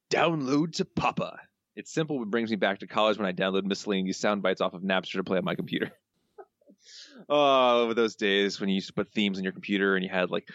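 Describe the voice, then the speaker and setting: Low-voiced man reading listener quotes. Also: fairly bright tone, no echo, highs cut off. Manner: reads listener quotes with bursts of put-on character voice. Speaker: podcast co-host. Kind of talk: casual podcast chat, reading listener answers.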